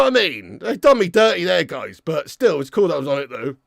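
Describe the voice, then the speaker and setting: A sweary man hosts a live football watch-along with a high-pitched, gravelly voice. He bursts into loud rants, then drops to low, glum muttering. The sound is close and dry. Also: very animated, fast, few pauses, dry recording. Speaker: YouTube fan channel host. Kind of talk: live football watch-along chat, reading super chats.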